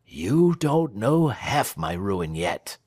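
Man doing a moody, indebted young gentleman. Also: lowish voice, sing-song, takes it slowly, slightly rough, full character voice. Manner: quiet, impatient.

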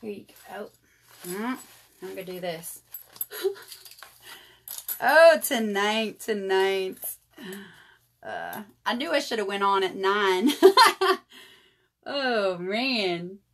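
A woman's voice: medium pitch, big pitch swings, drawn-out words, pauses often, a bit bright. A woman, hosting a casual live jewelry sale and chatting to viewers. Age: 30s. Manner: chatty, addresses viewers as y'all. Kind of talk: casual live sales chat.

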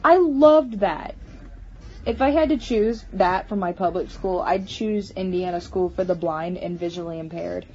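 A woman talking in a casual personal vlog, halting with many restarts and stammers. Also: lowish voice, steady tone, dark tone, a little hiss or hum. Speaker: vlogger. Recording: slightly muffled home recording.

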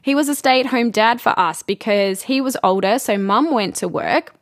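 A woman in her thirties, a spiritual intuitive, hosts her own personal podcast, speaking gently and reflectively with many pauses and fillers. Her voice is slightly high, recorded at studio quality with no echo.

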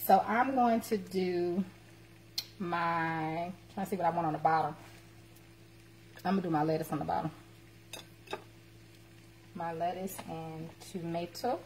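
A woman's voice: fairly low pitch, steady tone, a little slow, pauses often, a little mellow, a little hiss or hum. Chatty woman cooking on a live stream. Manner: chatty, teasing, talks to viewers as y'all. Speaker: home cooking host. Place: home kitchen. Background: clatter of dishes and cutlery.

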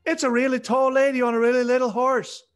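A bouncy little Irish farm boy, as a man puts him on, his voice pushed high and loud. He tumbles from one eager question to the next in a tabletop game. Faint music sits behind him. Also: little pitch movement, fast talker, smooth. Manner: chattering, breathless questions.

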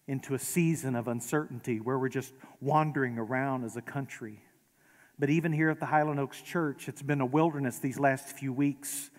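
A man preaching a sermon as pastor, conversational and gently humorous, in a large church sanctuary. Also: mid-range voice. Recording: long reverb of a large hall.

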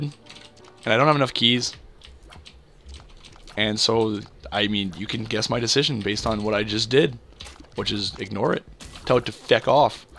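A young Canadian man gives casual let's-play commentary, rambling through gameplay with lots of fillers and self-deprecating asides. His voice is mid-range and a bit bright.

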